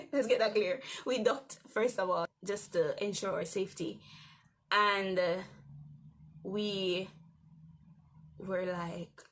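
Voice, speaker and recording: A young woman hosting a daily devotional, telling a personal testimony in a conversational, rambling way with restarts and soft laughs. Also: medium pitch, slow pace, long pauses. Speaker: devotional host.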